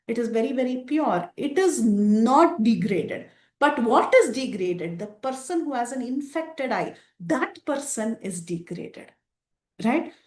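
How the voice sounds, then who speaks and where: A woman teaching a scripture class, explaining verses and asking the listeners rhetorical questions. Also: fairly high pitch. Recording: roomy echo.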